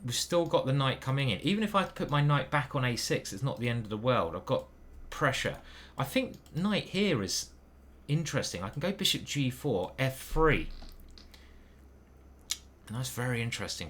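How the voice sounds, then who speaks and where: A man's voice: medium pitch, big pitch swings, normal speed, fairly bright tone. A man thinking aloud as he plays online chess, muttering moves and questioning himself. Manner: muttering move by move, hesitant self-questioning. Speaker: chess grandmaster commentating his own games.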